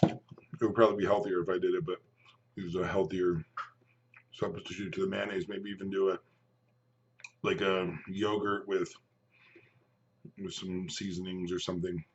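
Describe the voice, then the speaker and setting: A man's voice: low-pitched, flat delivery, normal speed, pauses often, dull audio, slight background noise. A man in his fifties talking casually to camera while eating, chatty and rambling, stopping now and then to chew. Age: 50s. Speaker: food and fitness vlogger.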